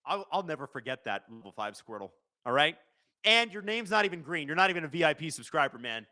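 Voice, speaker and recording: A man hosting a live hockey watch-along stream, chatting casually, joking and reading viewer comments aloud before breaking into quick play-by-play. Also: a little high, big pitch swings, bright, forceful tone, no echo.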